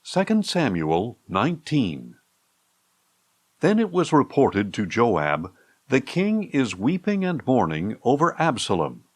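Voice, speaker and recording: A man narrating a scripture audiobook in a slow, measured, expressive reading. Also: mid-range voice, dry recording.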